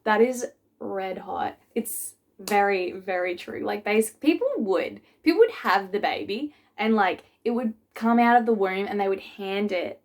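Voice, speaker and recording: A young woman, a piercer reacting to memes in a casual vlog, animated and sarcastic, often slipping into mocking voices. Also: mid-range voice, unhurried.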